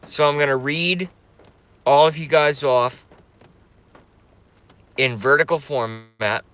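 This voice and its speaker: A man's voice: a little high, steady tone, slow pace, a bit bright, smooth. A middle-aged man live streaming, rambling brashly in a crude, stop-start way to his chat. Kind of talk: casual live-stream rant.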